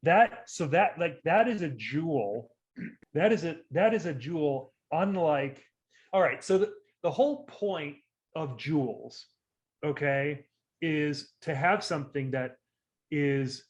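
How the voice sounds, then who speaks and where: A man with a fairly high voice speaks slowly and emphatically, building his argument step by step and circling back on his own phrases in casual chat. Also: lo-fi sound.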